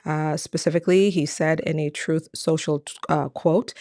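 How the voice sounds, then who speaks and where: A woman hosting an immigration news show, talking casually to viewers with many fillers and quick questions. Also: low-pitched, fairly even intonation, darkish tone, no echo, clean studio sound. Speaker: immigration lawyer and host. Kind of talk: casual news commentary to camera.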